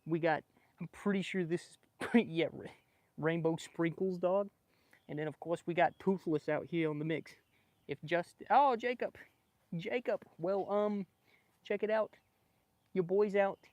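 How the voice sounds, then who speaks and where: A man livestreaming casually from his backyard with a small clip-on microphone, excitable and joking with his viewers. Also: high voice, a little slow, long pauses, no room sound. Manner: excitable, laughing, swearing, chatting with viewers. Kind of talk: casual live stream chat. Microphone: small clip-on microphone with a phone.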